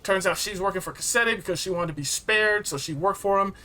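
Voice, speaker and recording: High, bright-voiced excitable young man. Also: fast. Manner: excitable, rambling, slangy retelling with many fillers. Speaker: game reviewer. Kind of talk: casual storytelling recap.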